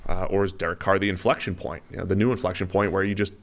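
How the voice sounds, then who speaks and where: Slightly low-voiced man chatting football. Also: level tone, rapid-fire. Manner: rambling, mimics hesitant noises for effect. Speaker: podcast co-host. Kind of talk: casual sports podcast chat.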